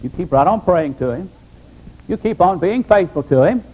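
A man pastor preaching an emphatic sermon, dropping low for solemn points. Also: lively intonation, moderate pace, breathy edge, highs cut off.

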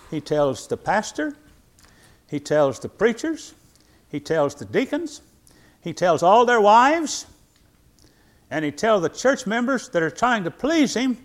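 A pastor in his eighties preaching a sermon, reading scripture in old-fashioned wording and swinging between loud emphatic lines and quiet ones. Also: high-pitched, big pitch swings, a little slow, long pauses. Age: 80s.

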